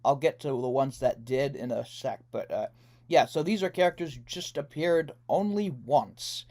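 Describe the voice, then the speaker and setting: This young man hosts a casual commentary video, ranking characters in a mid-range, slightly mellow voice at a moderate pace. He chats loosely, laughing often, with plenty of fillers and self-corrections.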